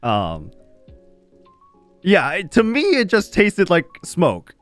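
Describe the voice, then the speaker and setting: A man's voice: high voice, slow, soft background music. A young man streaming, telling a casual story to his chat with lots of laughter and swearing. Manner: animated, laughs often, swears freely.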